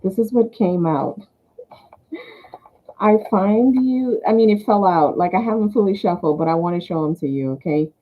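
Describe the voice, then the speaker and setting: A woman with a Southern US accent giving a casual tarot reading, chatty and giggly, softly thanking the angels. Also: mid-range voice, normal speed. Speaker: tarot reader. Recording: tinny phone-like sound.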